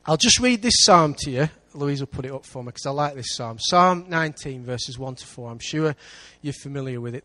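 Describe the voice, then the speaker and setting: A man with an English accent preaching a sermon in church, lively, with big swings between loud and quiet. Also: medium pitch, brisk, few pauses. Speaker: pastor.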